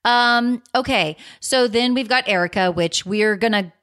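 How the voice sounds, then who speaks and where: A woman's voice: fairly high pitch, a little slow, a bit bright. A woman co-hosting a podcast, chatting casually and gossiping, laughing often and acting out quotes. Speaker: podcast co-host. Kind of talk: casual chat.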